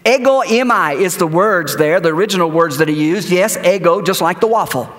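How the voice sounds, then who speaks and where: A male pastor preaching a sermon in a church, animated, with repeated words and rhetorical questions. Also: high-pitched, fairly quick, in a large hall. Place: church sanctuary.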